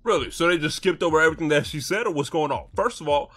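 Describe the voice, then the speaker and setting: High husky guy rattling off street slang in a gta roleplay, heated and defensive. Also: quick pace, a bit bright. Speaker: streamer playing a gang member. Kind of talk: in-character roleplay argument.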